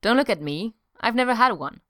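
A woman's voice: on the high side, animated, a little fast, fairly bright tone, dry recording, clean studio sound, pitched above the performer's own voice. A woman reading an earnest, mild-mannered man in an audiobook, plain and firm.

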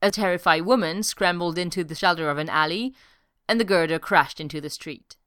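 A woman narrating an audiobook story in a steady, even pace. Her voice is low and smooth. The recording is dry and close to the mic. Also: fairly quick, no room sound. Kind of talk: audiobook narration of fan fiction.

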